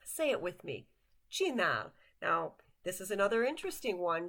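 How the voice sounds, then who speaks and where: A woman's voice: medium pitch, a bit bright. A woman teaching vocabulary in a patient way, repeating each word and asking the listener to say it with her. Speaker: language teacher. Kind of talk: slow vocabulary lesson.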